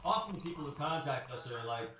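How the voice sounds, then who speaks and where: A man's voice: on the high side, lively intonation, fast talker. A man who investigates the paranormal, telling anecdotes in a casual radio interview, rambling with many fillers. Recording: roomy, muffled, with crowd noise.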